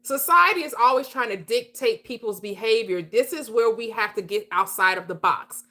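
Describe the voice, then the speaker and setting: A woman hosting a livestream gives a casual motivational talk, her delivery emphatic and preachy, with frequent laughter. Her voice is a little high with a sharp tone, moving at normal speed with few pauses.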